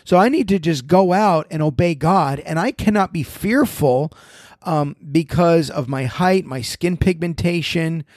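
A man, apparently a pastor, giving emphatic religious commentary, reading scripture aloud and teaching through quick questions. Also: a little high, a little mellow, no echo, clean studio sound.

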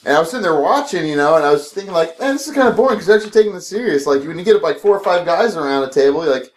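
A man chatting casually, telling a crude story in a lively way with laughter. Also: a little high, rapid-fire. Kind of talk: casual chat.

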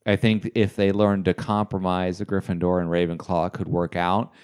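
A man's voice: low-pitched, level tone, normal speed, a little mellow, clean tone. A man co-hosting a podcast in casual chat, easygoing and agreeable, with many fillers. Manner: conversational, agreeable, filler-heavy. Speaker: podcast co-host.

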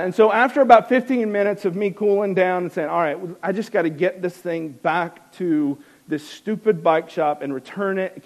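A man telling a wry, self-mocking personal story to an audience, with many restarts. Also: high voice.

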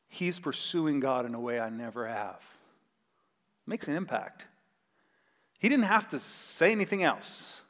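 A man in his thirties, a pastor preaching a sermon with animated storytelling, acting out quotes in a raised voice. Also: fairly high pitch. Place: church sanctuary. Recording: long hall reverb.

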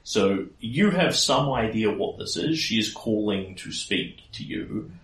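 A man narrates a tabletop game as game master, explaining things calmly. His voice sits at a middle pitch, sounds roomy and a little distant, and there is faint noise behind it. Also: a little slow. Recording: echoey room, mic at a distance.

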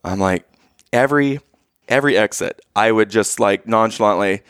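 A man co-hosting a podcast, telling a family road-trip story in casual chat, animated and rising to exasperated outbursts. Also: fairly low pitch, normal speed, smooth, no room sound, clean studio sound. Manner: animated, rising to loud exasperation when quoting himself. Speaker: podcast co-host.

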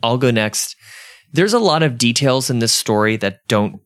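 A man's voice: mid-range voice, moderate pace, no echo. A man hosting a casual podcast, steering the panel with dry humor. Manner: steady, moderating, dry humor. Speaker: podcast host. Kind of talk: casual chat.

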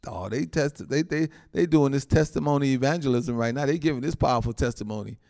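A man preaching as a pastor, animated and laughing often, with frequent amens. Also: medium pitch, brisk, creaky. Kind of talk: sermon.

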